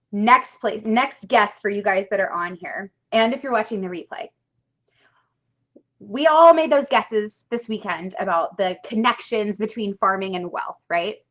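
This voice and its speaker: A woman coaches a live money workshop, chatty and emphatic, frequently tacking on "right?" and swearing casually, and she's tearful at times. Her mid-range voice is a bit bright, and the live-stream audio is dull and lo-fi.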